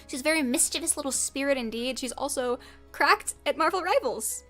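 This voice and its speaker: A woman's voice: high-pitched, expressive, fairly quick, fairly bright tone, soft background music. A woman performing a mock-dramatic comedy skit as a streamer, theatrical and giggly. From United States.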